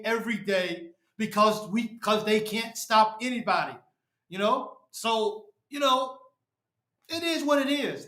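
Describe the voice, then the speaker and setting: A man's voice: sits high, a bit bright. A man hosting a fan show, ranting after a game, frustrated and repetitive. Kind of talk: post-game fan rant. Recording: echoey room.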